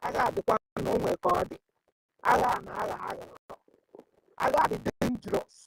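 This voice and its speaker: A Nigerian woman delivers passionate activist commentary in a high, gravelly voice. Her talk is a plea, full of rhetorical questions, and now and then it turns into prayer. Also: lively intonation, quick pace, heavy background noise. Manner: switches into Igbo prayer. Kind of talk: impassioned spoken commentary.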